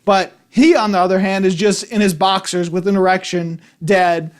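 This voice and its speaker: A man with a high voice talks through a film review in a loose, rambling way. He keeps restarting sentences and sounds exasperated by what he saw. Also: steady tone, normal speed. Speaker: movie reviewer. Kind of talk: casual spoken film review.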